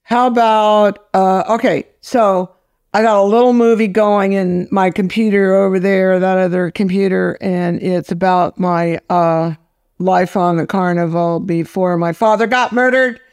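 A woman's voice: medium pitch, fairly even intonation, unhurried, darkish tone, clear, resonant tone, no echo, studio quality. An older woman film director, a guest in a casual interview, telling stories bluntly and with salty language. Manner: blunt, salty, storytelling with laughs.

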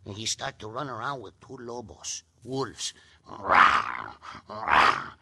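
An actor playing a jolly, clumsy Mexican sidekick with a Mexican Spanish accent, broken English and a giggle, in an old radio western. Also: male voice, on the low side, big pitch swings, takes it slowly, gravelly, heavily acted. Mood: storytelling. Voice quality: broken English, speaks of himself by name, giggly. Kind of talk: 1950s radio western acting. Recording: hissy old radio transcription.

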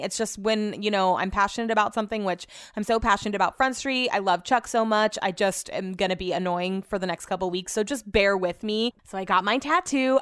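A young woman hosting a casual solo podcast, chatty and animated, telling stories and swearing casually. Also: mid-range voice, clean tone, no room sound, studio quality. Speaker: podcast host.

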